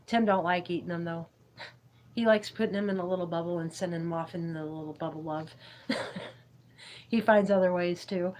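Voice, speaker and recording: A woman's voice: on the low side, steady tone, normal speed, pauses often, a little mellow, a little hiss or hum, poor audio. Giggly woman rambling on a livestream. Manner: giggly, meandering, reads chat aloud. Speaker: YouTube livestream host. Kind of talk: rambling spiritual livestream chat.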